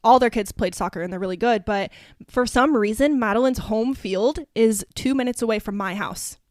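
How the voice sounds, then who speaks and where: A woman's voice: fairly high pitch, normal speed, a little mellow, no room sound, clean studio sound. A young woman from Ohio co-hosting a podcast, chatting in a bubbly, chatty way with lots of fillers. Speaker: podcast co-host. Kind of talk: casual chat.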